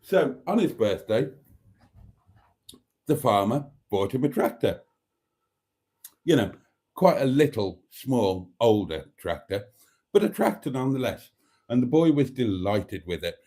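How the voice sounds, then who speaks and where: Mellow-voiced man hosting a livestream. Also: mid-range voice, sing-song, measured pace, pauses often. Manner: chatty, laughs a lot, rambling joke-telling with asides. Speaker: livestream host. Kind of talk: casual chat, reading comments and telling a joke.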